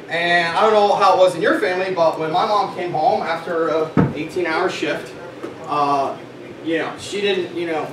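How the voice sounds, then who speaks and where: A man leading a sales meeting, giving an animated motivational talk to a live audience and quizzing them with questions. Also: on the high side, normal speed. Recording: echoey room, far from mic, noisy.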